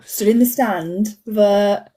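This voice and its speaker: A woman's voice: mid-range voice, slow pace, mellow, breathy edge. Playful woman co-hosting a football podcast. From Britain. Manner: playful, reads out listener comments. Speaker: podcast co-host. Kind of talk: casual chat about women's football.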